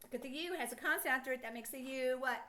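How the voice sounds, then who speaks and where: A middle-aged woman teaching a children's phonics lesson, sounding out words slowly and asking encouraging questions. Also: high voice, bright, forceful tone.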